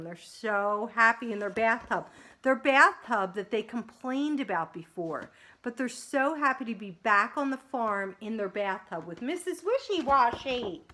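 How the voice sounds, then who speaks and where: A woman preschool teacher reading picture books aloud to children, animated and sing-song, stopping to talk to the kids between pages. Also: fairly high pitch, slight background noise.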